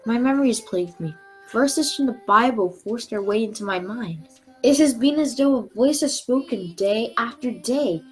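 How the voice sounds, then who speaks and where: A woman's voice: on the high side, pitched above the performer's own voice, close to an everyday voice, low-quality recording. A woman reading aloud and voicing a remorseful village man who talks in a tired, pleading way. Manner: weary, pleading.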